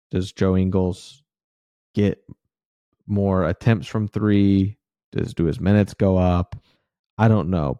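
A man's voice: low voice, creaky, mellow, no room sound, clean studio sound. A man co-hosting a casual sports podcast who breaks down the team with some frustration. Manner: frustrated, analytical. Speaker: podcast co-host.

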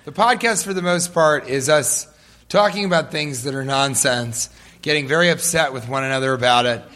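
A man's voice: medium pitch, moderate pace, bright, forceful tone, slight background noise. A man co-hosting a comedy podcast before a live audience, riffing with dry jokes. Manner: dry joking, riffs with mock voices. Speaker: podcast co-host. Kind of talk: casual comedic chat.

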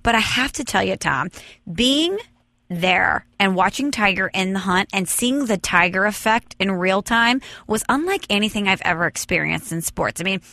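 Young podcast host, woman, bright and eager storyteller, dry mic. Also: medium pitch, lively intonation, normal speed, dry recording. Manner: enthusiastic, talkative storyteller. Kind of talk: casual chat.

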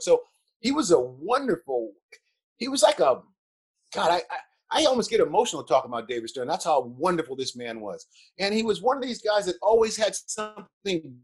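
An older man's voice sits notably high for a man. He tells stories as an interview guest, chuckling often and circling back on his words when he gets moved. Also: husky. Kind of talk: animated storytelling.

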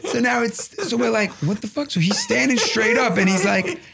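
A man's voice: very high voice, moderate pace, gravelly, fairly bright tone. A man in his thirties casually telling rambling, profane comedic stories, slipping into voices for the people in them. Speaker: guest telling a story.

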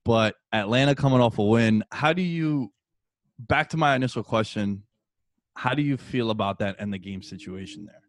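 Animated man, dry close sound. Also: medium pitch, normal speed, no room sound. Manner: animated storytelling, swears and says dude. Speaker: sports podcast host. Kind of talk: casual sports chat.

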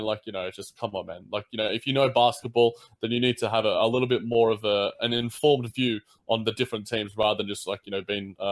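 A man with an Australian accent chatting casually about basketball on a podcast, loose and teasing. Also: lowish voice. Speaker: podcast co-host. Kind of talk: casual sports chat.

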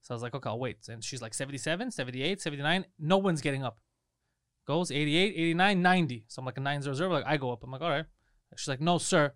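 A man rattling off a story at a fast clip, his voice smooth and clear and fairly high for a man. He swears freely and acts out both sides of the argument. The recording is dry and close-miked, as in a studio. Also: no room sound. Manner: animated, profane storyteller acting out dialogue. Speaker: podcast co-host. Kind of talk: casual storytelling.

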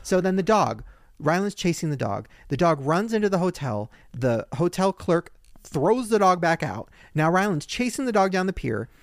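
A man co-hosting a podcast, telling a story in casual chat and jumping into high, excited quoted voices. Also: normal speed, dry recording, clean studio sound. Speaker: podcast co-host.

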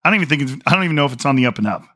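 Man, podcast host, hoarse strained voice, rambling casual talk, bright tone, dry close sound. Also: medium pitch, lively intonation, very fast, dry recording. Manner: rambling, many restarts and fillers.

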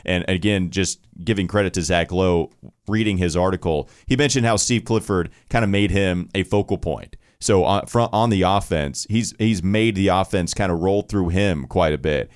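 A man with a notably deep, low voice co-hosts a basketball podcast in relaxed, chatty talk. He laughs easily and stumbles over hard names. The sound is dry and close. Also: clean tone, no room sound. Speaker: podcast co-host. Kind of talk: casual sports podcast chat.

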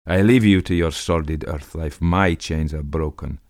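A man's voice: a bass voice, normal speed, darkish tone, no echo, studio quality. A man voicing a frenzied, exultant ancient priest with a wild, shrieking manner in a storybook reading. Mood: manic.

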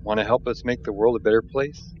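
A man's voice: on the low side, fairly even intonation, a little fast, lo-fi sound, a little hiss or hum. A man co-hosting a podcast who talks casually and often halts and restarts his sentences. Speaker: podcast co-host. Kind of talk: casual chat.

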